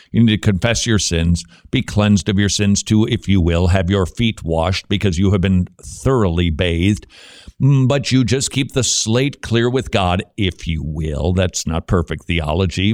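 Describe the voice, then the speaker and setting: A man hosting a radio talk show, joking and animated, who turns preacherly when he teaches. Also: low-pitched, no room sound, clean studio sound. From Dutch heritage.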